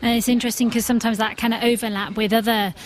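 A woman hosting a radio discussion, bringing in guests in a brisk, prompting way. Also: on the high side, level tone. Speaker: radio host.

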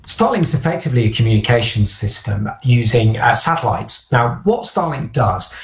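A man's voice: medium pitch, very animated, moderate pace, creaky. A man as an expert guest, explaining methodically, step by step. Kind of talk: explanatory interview answer. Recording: roomy echo.

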